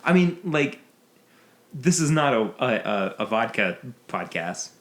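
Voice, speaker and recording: A man's voice: mid-range voice, big pitch swings, a little slow. A man hosting a casual bourbon podcast, talking loosely and laughing often. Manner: rambling, laughs often, restarts. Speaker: podcast host. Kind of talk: casual chat.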